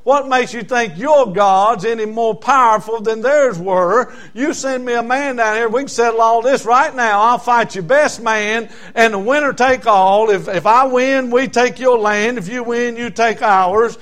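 A man's voice: extremely high pitch, unhurried, few pauses, fairly bright tone. A man with a Southern US accent voicing a boastful, taunting giant warrior in a sermon retelling.

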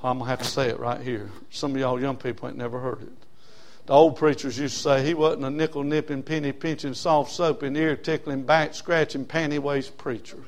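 A man preaching a sermon as pastor, folksy, swinging from loud emphasis to low asides. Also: flat delivery, fairly quick.

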